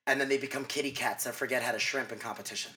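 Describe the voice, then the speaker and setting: A man quoting a calm male grappling professor in a plain, slow, measured voice. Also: mid-range voice, natural voice. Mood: amused.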